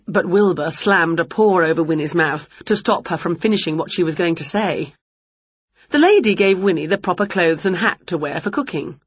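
A woman reading an English picture book aloud at home in a clear, expressive read-aloud manner. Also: on the low side, normal speed, dry recording, highs cut off. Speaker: storybook reader.

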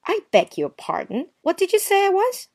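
A woman with a fairly low pitch and big swings in her intonation reads at a moderate pace. Performing a dramatized short story, she takes on the part of an offended, touchy, prim young woman whose politeness is sarcastic and hurt.

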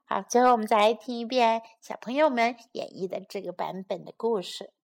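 A woman tells a children's story and then teaches it phrase by phrase, repeating each line slowly and gently for young learners. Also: on the high side, gravelly. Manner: slow, careful repetition of each phrase. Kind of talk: bilingual storytelling lesson for children.

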